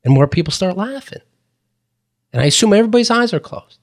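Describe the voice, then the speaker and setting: Animated high-voiced man telling a story. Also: quick pace. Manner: animated, swearing, acts out quotes. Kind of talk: casual storytelling chat.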